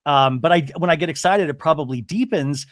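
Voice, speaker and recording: A male podcast host from Montana with a deep radio announcer voice, chatting casually and rambling through quick asides. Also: no echo, studio quality. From Montana, USA.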